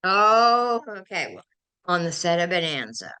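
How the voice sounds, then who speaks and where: An older woman, a guest on a talk show, telling animated and emotional stories. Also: lowish voice, a little slow, clear, resonant tone. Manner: animated, emotional storyteller who gets carried away. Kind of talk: anecdotal storytelling in a chat.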